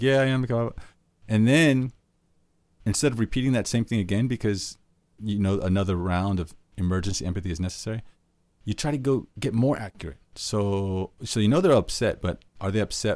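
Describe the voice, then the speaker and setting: A man with a fairly low voice talks through tips on his own podcast. He is earnest and conversational and acts out example questions as he goes. The sound is dry and close, with little room in it. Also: a little mellow, no room sound. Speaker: podcast host. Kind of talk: solo podcast teaching.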